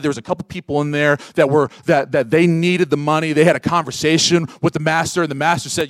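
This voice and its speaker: A male pastor preaching a sermon, acting out voices and swinging from loud bursts to hushed lines. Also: on the high side, fast talker, few pauses, no echo. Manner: animated, acts out voices of workers.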